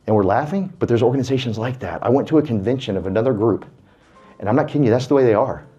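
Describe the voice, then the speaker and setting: Racing along in a mellow, husky mid-range voice, this man speaks to a live audience of real estate agents over faint background music, with muffled sound. Representing the real estate team, he's folksy and fired up, pushing them forward like a preacher would.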